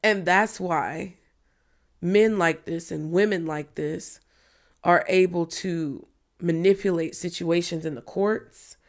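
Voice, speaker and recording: Woman in her thirties, lowish voice, blunt and emphatic, candid talk straight to viewers. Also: steady tone, slow. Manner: blunt, emphatic, swears freely. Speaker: tarot reader.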